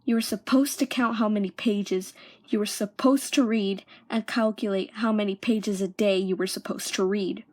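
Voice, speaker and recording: A woman's voice: medium pitch, steady tone, normal speed, darkish tone, natural voice. A young woman voicing a stern, harsh schoolteacher who scolds coldly in a scratchy voice. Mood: scolding. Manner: cold, scolding.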